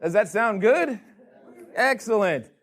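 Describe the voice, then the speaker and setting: A real estate educator with a somewhat high voice runs a board game for a live seminar crowd, speaking slowly and expressively. He's playful throughout, constantly teasing the audience with questions.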